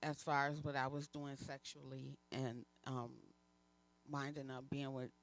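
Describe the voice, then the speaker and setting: A woman minister giving a personal testimony in church, telling her story candidly with frequent pauses and fillers. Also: very deep voice, flat delivery. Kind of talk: personal testimony within a sermon.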